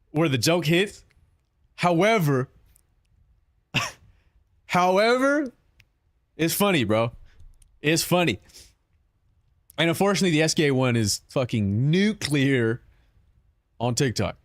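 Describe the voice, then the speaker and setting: A man streaming, reacting to his own clips in casual chat, animated and swearing, saying bro a lot. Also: a little high, no echo, clean studio sound.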